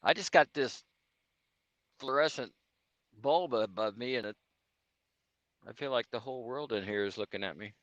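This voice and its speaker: Laughing rambling trucker guest from Indiana. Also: male voice, medium pitch, normal speed, long pauses, a bit bright, no echo. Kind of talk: casual livestream chat. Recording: dull dry stream audio.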